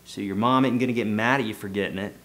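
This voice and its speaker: A man's voice: fairly low pitch, fairly even intonation, fast talker, fairly bright tone. A man giving a casual guitar lesson in a loose, joking, self-deprecating way. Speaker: guitar teacher. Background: guitar playing.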